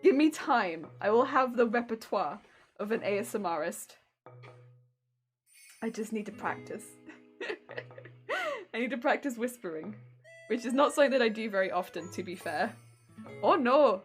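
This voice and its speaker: A woman's voice: fairly high pitch, sing-song, unhurried, pauses often. A woman with an English accent chatting casually on a crafting live stream, giggly, rambling and self-mocking. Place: home craft room. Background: faint video game music.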